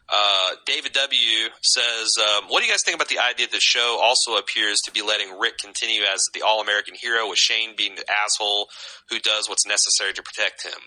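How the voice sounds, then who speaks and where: A man's voice: on the low side, sharp tone, low-quality recording. A man co-hosting a podcast in casual chat, giving strong opinions and reading out listener comments. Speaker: podcast co-host.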